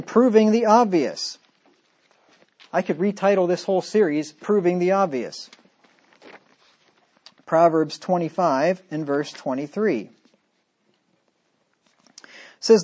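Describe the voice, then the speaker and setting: A man delivers a sermon, reading scripture aloud in a firm voice. His talk swings between loud, emphatic points and quiet, sarcastic asides. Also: high-pitched, unhurried, pauses often. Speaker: preacher.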